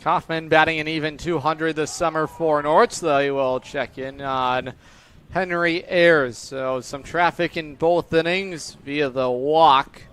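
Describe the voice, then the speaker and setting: A man calling live baseball play-by-play, brisk and upbeat on each pitch. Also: a bit bright, smooth. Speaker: play-by-play announcer.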